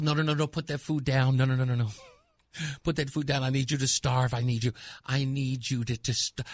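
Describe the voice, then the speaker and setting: A man doing a mocking impression of a tired, self-pitying male senator, breathy and sighing. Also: mid-range voice, no room sound, pitched below the performer's own voice, lightly acted. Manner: breathy, sighing, mock-exhausted. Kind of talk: mocking impression on talk radio.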